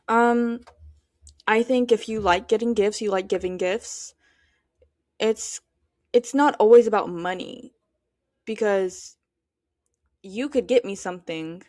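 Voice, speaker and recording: A woman's voice: medium pitch, no echo, studio quality. A teenage girl hosting a solo podcast, chatting casually and giving her opinions while she thinks aloud with lots of fillers. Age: teens. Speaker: podcast host.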